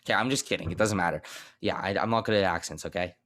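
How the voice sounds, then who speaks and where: A man's voice: deep voice, quick pace, fairly bright tone, no echo. A young man co-hosting a podcast, giving blunt, joking opinions in casual sports chat. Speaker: podcast co-host.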